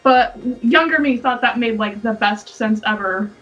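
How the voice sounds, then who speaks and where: Giggly high-voiced young woman, off mic. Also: measured pace, a bit bright, distant mic. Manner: giggly, rambling, often breaks into laughter. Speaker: podcast co-host. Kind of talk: casual chat. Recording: dull lo-fi sound from off mic, faint music.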